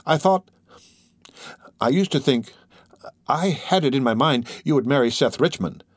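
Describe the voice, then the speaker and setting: A man reading the lines of an anxious, boastful teenage boy who talks in halting, earnest bursts. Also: medium pitch, animated, dry recording, clean studio sound.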